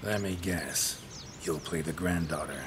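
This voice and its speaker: An actor playing a gruff, grizzled monster hunter in a video game, speaking tersely and dryly. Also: male voice, sits low, measured pace. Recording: game audio with clear background hiss.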